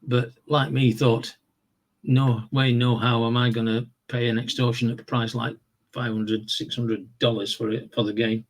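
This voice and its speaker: A man casually walking through the rules of a horse racing board game, explaining in a relaxed, rambling way with fillers and self-corrections. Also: mid-range voice, unhurried. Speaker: tabletop game reviewer. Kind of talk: casual tabletop game walkthrough.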